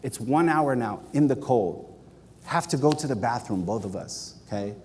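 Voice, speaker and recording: A man from Guam giving a keynote talk, telling a story in an animated way and acting out the dialogue. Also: medium pitch, moderate pace. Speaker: keynote speaker. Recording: long hall reverb with faint noise.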